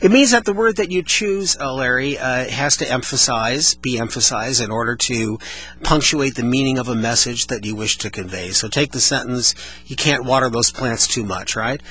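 A man's voice: mid-range voice, moderate pace, sharp tone, slightly rough, poor audio. A man hosting a storytelling radio show, speaking casually and playfully with a studio microphone. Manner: playful, demonstrates vocal emphasis.

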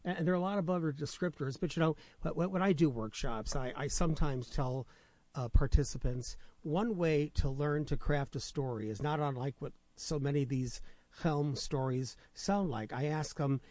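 A male radio host chatting in a rambling, joke-telling way, often stammering and restarting. His voice sits on the higher side and the sound is dry and close. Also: moderate pace, darkish tone, no room sound. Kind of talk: radio talk show chat.

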